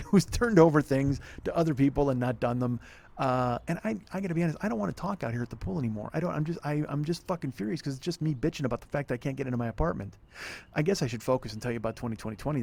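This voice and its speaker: A man's voice: mid-range voice, a little mellow. A man hosting a solo podcast outdoors by an apartment pool, frustrated and swearing as he rambles. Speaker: podcast host. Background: wind and planes overhead.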